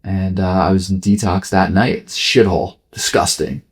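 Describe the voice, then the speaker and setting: A man's voice: sits low, level tone, normal speed, husky. A man in his forties, a podcast guest, telling a personal story candidly, swearing freely and acting out what other people said. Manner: frank, swears freely, acts out quoted dialogue.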